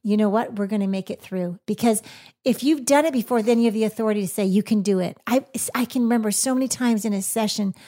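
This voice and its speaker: A woman co-hosting a faith podcast, speaking in a warm, affirming and reflective way. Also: mid-range voice, fast. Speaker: podcast co-host. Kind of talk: encouraging podcast chat.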